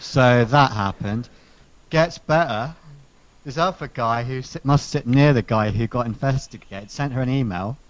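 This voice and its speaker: A man telling a long workplace story in casual chat, animated and sarcastic, swearing now and then. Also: mid-range voice, a little slow, dry recording. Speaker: podcast co-host telling a story. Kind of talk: casual chat, venting anecdote. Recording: dull lo-fi sound.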